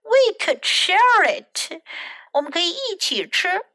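A woman voicing a kind, gentle sheep in a bilingual children's storybook reading, speaking slowly and sweetly. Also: extremely high pitch, big pitch swings, no room sound, studio quality, voice pushed up, full character voice. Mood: friendly. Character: friendly gentle sheep, sharing and content.

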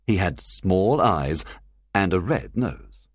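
Man, audiobook narrator, very deep, slow, animated pitch, learner storybook. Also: dry recording, studio quality. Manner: clear, deliberate storytelling. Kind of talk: graded reader audiobook narration.

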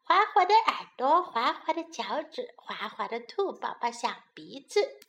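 A woman voicing a gentle, caring mother rabbit in a children's storybook reading, with a motherly, sing-song manner. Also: high voice, big pitch swings, slow pace, muffled recording, full character voice. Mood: tender.

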